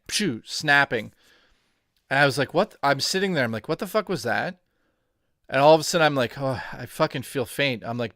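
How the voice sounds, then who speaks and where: A man, co-hosting a podcast, telling an animated, profanity-heavy story in casual chat. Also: mid-range voice, no room sound, studio quality. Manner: animated storyteller, swears a lot. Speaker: podcast co-host.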